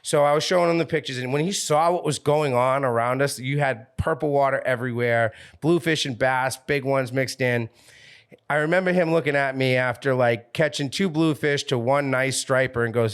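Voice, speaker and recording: A man's voice: medium pitch, moderate pace. A man with a Northeastern US accent telling a fishing story on a podcast, acting out the voices of the people he quotes. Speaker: fishing captain guest.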